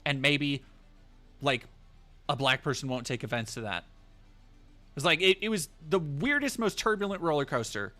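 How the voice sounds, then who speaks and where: A man's voice: a little high, expressive, normal speed, pauses often, sharp tone, soft background music. A man streaming live, telling a rambling, profane story in casual chat with many fillers and restarts.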